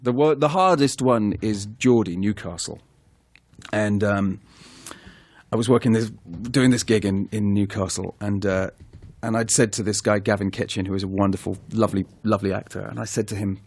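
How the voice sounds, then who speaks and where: A man's voice: lowish voice, moderate pace, husky. A man, an actor guest on a podcast, telling self-mocking stories in casual chat. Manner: animated, self-mocking storyteller who laughs often.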